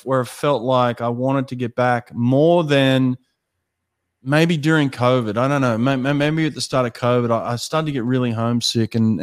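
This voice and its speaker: A man's voice: medium pitch, clear, resonant tone. A man from Australia hosting a podcast, chatting casually and often stammering and restarting his sentences. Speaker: podcast host. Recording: dry close audio.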